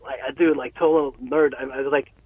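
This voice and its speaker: Excited man telling stories over a tinny line. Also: mid-range voice, brisk, slightly rough, no room sound. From Canada. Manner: excited, swearing, laughing, acts out quotes. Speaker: guest. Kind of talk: casual storytelling interview.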